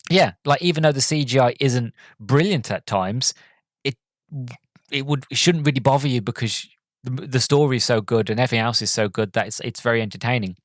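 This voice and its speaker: A man's voice: medium pitch, fairly quick, no room sound. A man hosting a podcast, giving a casual, rambling movie review with lots of filler words and plenty of enthusiasm. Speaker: podcast host.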